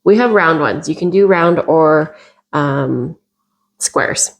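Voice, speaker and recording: A woman's voice: sits low, slow pace, slight background noise. A woman hosting a casual cooking video, chatting and laughing as she walks through each step. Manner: chatty, giggly, explains steps as she goes. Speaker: cooking vlog host.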